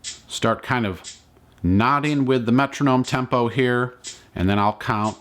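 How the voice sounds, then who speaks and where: Calm man teaching ukulele. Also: mid-range voice, unhurried, slight background noise. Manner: calm, explanatory, counts beats aloud. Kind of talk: instructional lesson.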